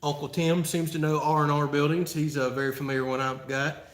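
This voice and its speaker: A man's fast, level-toned voice sits fairly high as he chats through a laid-back live-stream Q&A. This Florida channel host answers his audience folksily and laughs frequently, recorded with roomy echo.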